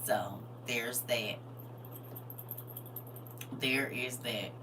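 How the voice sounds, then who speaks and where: Low-voiced older woman teaching online. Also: fairly even intonation, extremely slow, recorded from a distance, background noise. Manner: chatty and teasing, talks straight to viewers. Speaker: Bible study teacher. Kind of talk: casual livestream Bible lesson. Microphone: phone.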